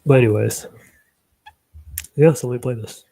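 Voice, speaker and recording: A man's voice: mid-range voice, moderate pace, gravelly, dark tone, breathy edge, dry recording, rough recording. A man casually rambling about his own animation project, full of fillers and little chuckles. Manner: loose, filler-heavy, chuckling asides. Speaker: hobby animator.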